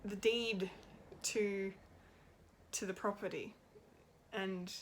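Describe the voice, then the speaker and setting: A woman's voice: medium pitch, fairly even intonation, slow, a little hiss or hum. A woman giving an unscripted, rambling and emotional review of a TV episode, laughing often and swearing now and then. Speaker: pop culture reviewer.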